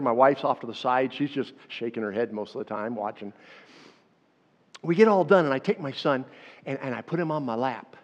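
A pastor in his fifties, medium-pitched and talking a little fast, preaches a sermon full of animated stories and speaks directly to his congregation. The recording has an echoey hall sound and a dull lo-fi quality.

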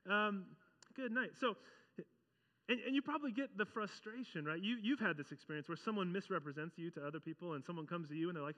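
High, bright-voiced man preaching a sermon. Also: quick pace, in a large hall. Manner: conversational, animated, acts out quoted voices. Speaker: pastor.

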